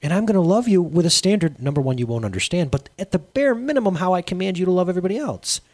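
A male pastor preaching a sermon in an energetic, emphatic, conversational way. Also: sits high, fast talker.

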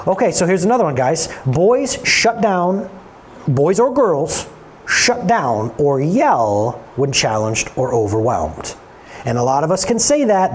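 Animated man preaching a sermon, lively pitch. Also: slight background noise. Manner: animated, conversational, addresses the congregation directly. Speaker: pastor.

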